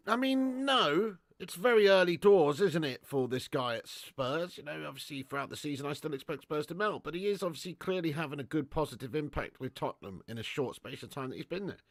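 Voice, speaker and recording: A matey man runs a live football watch-along, reading out fan messages in loose slangy chat. His voice sits a little high for a man and sounds close and dry, with no room echo. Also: animated, brisk. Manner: chatty and matey, laced with slang and swearing. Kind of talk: live stream chat reading super chats.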